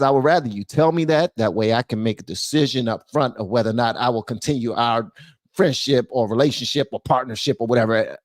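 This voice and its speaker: A man hosting his own channel, giving blunt, animated commentary and talking straight to his viewers. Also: mid-range voice, no room sound, studio quality. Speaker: channel host. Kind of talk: casual political commentary.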